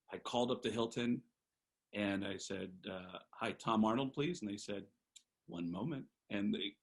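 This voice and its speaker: Guy comedian with a bright forceful voice, animated storytelling, casual podcast chat. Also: medium pitch. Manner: animated storyteller, slips into impressions. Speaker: guest comedian.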